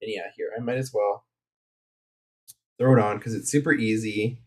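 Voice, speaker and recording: A man's voice: lowish voice, steady tone, moderate pace, slightly rough. A man hosting a live coloring stream, chatting casually and rambling from his craft desk. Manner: rambling and chatty, with many fillers and asides.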